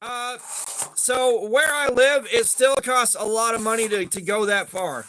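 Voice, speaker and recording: A man hosting a casual livestream, his voice high and forceful. He rambles along, greets viewers by name and swears casually. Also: measured pace, a little hiss or hum. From southeastern United States. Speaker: livestream host.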